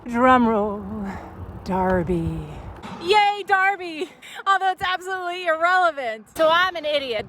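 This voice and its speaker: A woman talking to her camera outdoors during a long bike ride, sounding worn out and chatty, grumbling one moment and excited the next. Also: on the high side, rough recording. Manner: chatty, swings between tired grumbling and excited squeals. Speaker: vlogger. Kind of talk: casual travel vlog narration. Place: outdoors on a roadside. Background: passing traffic and outdoor ambience.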